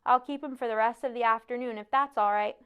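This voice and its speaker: A woman's voice: a little high, fairly even intonation, fast talker, clean tone, narrow, tinny audio, lightly acted. A woman voicing a kindly older female teacher offering to help. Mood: friendly.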